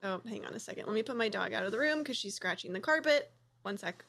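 A woman's voice: on the high side, lively intonation, quick pace, creaky. A woman hosting a tabletop game podcast, chatty and upbeat in casual talk. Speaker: podcast host. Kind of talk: casual chat and show outro.

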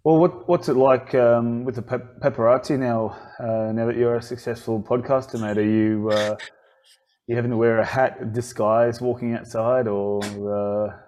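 A man's voice: medium pitch, fairly even intonation, normal speed, a little mellow. A man with an Australian accent hosting a podcast, telling stories in a rambling way with many restarts and fillers. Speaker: podcast host. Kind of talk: casual chat.

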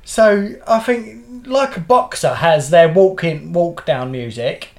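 A man's voice: a little high, lively intonation, slow. A middle-aged man tells long, meandering stories in a casual podcast chat. He swears freely and loses his thread often, circling back with "right?" as he goes. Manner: rambling storyteller, swears freely. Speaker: podcast co-host.

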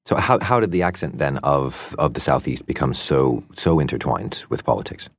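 A man's voice: extremely low pitch, lively intonation, normal speed, no room sound, studio quality. A man hosting a podcast, asking brief probing questions and reading the show outro. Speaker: podcast host.

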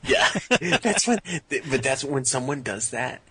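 Man, podcast host, animated pitch, husky, swears a lot, acts out dialogue. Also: a little slow. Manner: profane, animated storytelling with acted-out dialogue. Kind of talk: casual chat.

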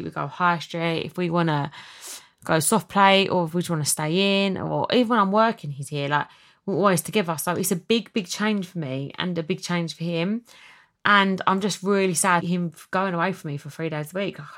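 A woman's voice: fairly low pitch, fairly bright tone. A woman hosting her podcast in emotional, chatty talk full of likes and ums. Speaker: podcast host. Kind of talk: casual chat.

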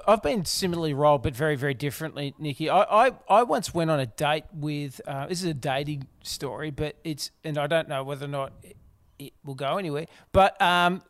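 A man's voice: fairly high pitch, no room sound. A man with an Australian accent, a guest comedian telling self-mocking stories in a casual podcast chat. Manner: animated storyteller, self-mocking.

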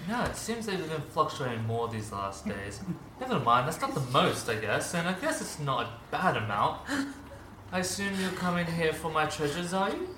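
A man's voice: fairly high pitch, expressive, normal speed, echoey room, noisy background, natural voice. A man doing a grizzled old wizard. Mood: wry. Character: grizzled old male wizard, wry and weary.

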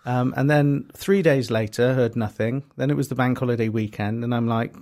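A man's voice: medium pitch, fairly even intonation, moderate pace, darkish tone. A man co-hosting a podcast, chatting casually and telling a rambling story full of fillers and restarts. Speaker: podcast co-host and comedy promoter. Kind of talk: casual chat.

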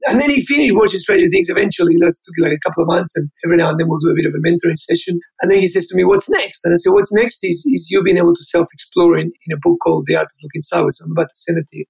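A man's voice: on the high side, vocal fry, darkish tone, husky, low-quality recording. A man, a guest in an interview, telling stories with enthusiasm and acting out the dialogue. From Australia. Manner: enthusiastic, fast, acts out dialogue. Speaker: interview guest, keynote speaker. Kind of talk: animated storytelling.

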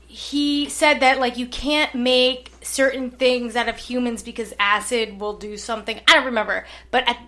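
High, bright-voiced woman podcaster. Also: normal speed, few pauses. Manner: animated, joking storyteller. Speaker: podcast co-host. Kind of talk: casual chat.

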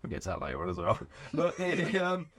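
A man in his thirties, a garage owner, telling his story in an animated, profane, casual way and acting out the voices of people he quotes. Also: a little high, brisk.

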